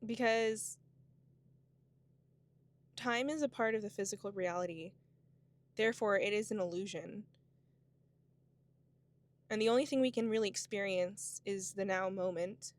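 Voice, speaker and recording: A woman's voice: medium pitch, measured pace, long pauses. A woman in her twenties talking to camera in a casual, reflective monologue, musing in a spiritual way with lots of "like" and "you know". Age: 20s. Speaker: vlogger.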